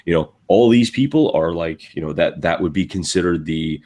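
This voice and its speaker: A man with a very low voice, from Canada, speaks as a panelist at a convention. He rambles, stacking fillers and starting his sentences over, in a loose, unscripted way. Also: normal speed, darkish tone. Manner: rambling, full of fillers and restarts.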